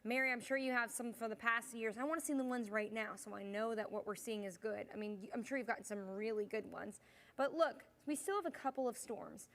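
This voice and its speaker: A young woman meteorologist hosts a live weather stream in a relaxed, chatty way, reading out viewer comments as she goes through the forecast. Her voice sits a little high, and she sounds tired, stifling yawns between updates. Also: fairly quick. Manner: chatty, reads viewer comments, yawning and apologizing. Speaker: meteorologist, fill-in host.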